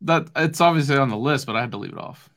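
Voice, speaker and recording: A man co-hosting a podcast, chatting casually and calmly, mostly with short agreeing replies. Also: mid-range voice, fast talker, gravelly. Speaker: podcast co-host. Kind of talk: casual chat.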